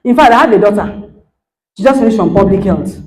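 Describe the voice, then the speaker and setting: Nigerian woman, middle-aged, lively swooping delivery, motivational speaker, roomy hall sound. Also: mid-range voice, fast. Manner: animated, acts out quoted dialogue, checks in with listeners. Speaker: guest speaker, lecturer. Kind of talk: motivational talk to an audience.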